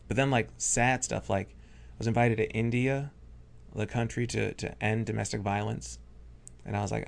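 Gravelly man telling stories. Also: on the low side, steady tone, moderate pace. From raised Catholic. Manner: rambling, filler-heavy, acts out quotes. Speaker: guest, stage hypnotist. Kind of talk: casual podcast chat, storytelling.

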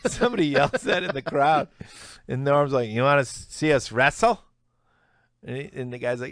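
In studio-quality audio without echo, a middle-aged man speaks at a moderate pace in a mid-range voice. He's a comedian guest in a relaxed interview, spinning lively stories, performing quotes and breaking into laughter as he goes.

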